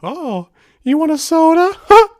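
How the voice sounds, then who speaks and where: A man voicing a greedy, foul-mouthed cartoon mouse mascot in a squeaky falsetto with cackling "huh?" tags. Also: very animated, unhurried, a little mellow, no echo, studio quality, full character voice. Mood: gleeful, mocking.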